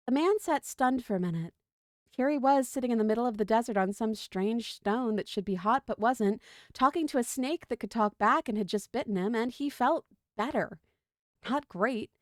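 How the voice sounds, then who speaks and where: A woman reading a long story aloud on a livestream in a steady, even narrating voice, close to the mic. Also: on the high side, normal speed, no room sound.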